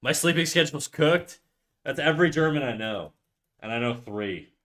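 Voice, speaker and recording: A man's voice: medium pitch, animated, normal speed. A man chatting casually with his viewers during a drawing livestream, rambling and often dropping to a mutter as he works. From Canada. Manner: rambling, chats with viewers, drops to quiet muttering while working. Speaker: streamer.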